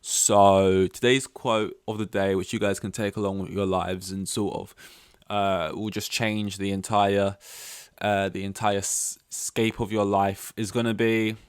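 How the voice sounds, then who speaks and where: A young man rambles through a casual solo podcast, full of ums and self-mocking asides. His voice sits a little low and sounds smooth and clean. The recording is dry and close, with no room echo. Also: little pitch movement, a little slow. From London. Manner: rambling, self-deprecating, many fillers and restarts. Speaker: podcast host.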